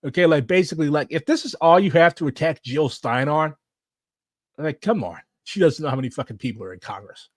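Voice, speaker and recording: A man's voice: a little high, a little fast, no room sound, studio quality. A man giving casual, blunt political commentary while reacting to clips, swearing and saying "like" a lot. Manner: blunt, animated, swears, fillers like "like".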